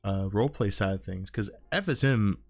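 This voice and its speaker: Laid-back low-voiced male host. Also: animated, normal speed, a little mellow. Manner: loose, swears casually, heavy filler words. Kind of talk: casual interview chat.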